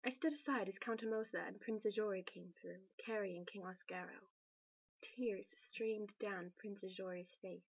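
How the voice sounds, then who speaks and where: Woman reading a book out loud, kinda breathy and high, muffled sound. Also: dry recording. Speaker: reader. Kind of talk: audiobook reading of a novel.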